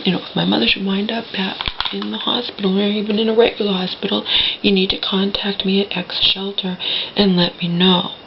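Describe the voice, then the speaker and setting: Gravelly woman rambling in a lo-fi vlog. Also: mid-range voice, slight background noise. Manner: rambling, with many restarts and some whispered asides. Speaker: vlogger. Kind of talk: personal vlog monologue. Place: indoors at a home.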